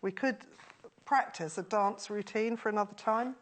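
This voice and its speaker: A woman's voice: mid-range voice, moderate pace. A woman, a guest tutor on a live sewing show, who explains each step with enthusiasm and chats cheerfully with the host. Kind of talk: live studio sewing demonstration. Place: TV studio.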